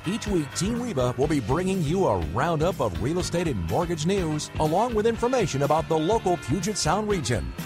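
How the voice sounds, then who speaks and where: A man's voice: on the high side, big pitch swings, a little fast, hardly any pauses. A man reading a polished, scripted radio show introduction. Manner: polished, upbeat announcer read. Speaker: announcer. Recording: voice over music bed.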